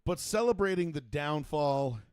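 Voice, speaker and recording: A man hosting a casual sports talk show, rambling and profane, with fast banter. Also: fairly high pitch, expressive, darkish tone, clear, resonant tone, dry recording. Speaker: host.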